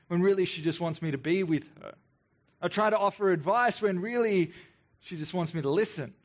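A man in his thirties preaching a sermon in an earnest, reflective way. He often repeats himself and adds quick sarcastic asides. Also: high voice. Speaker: pastor.

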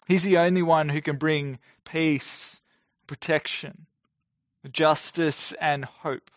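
A man in his forties delivering a sermon in a fairly high voice. He speaks in a measured, emphatic way and slows down to stress key phrases. The recording is dry and close. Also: steady tone, no echo. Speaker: preacher.

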